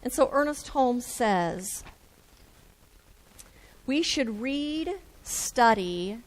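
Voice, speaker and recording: Slow-speaking woman minister. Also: on the high side, expressive, rough recording. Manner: gentle, reflective, repetitive phrasing. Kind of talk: sermon.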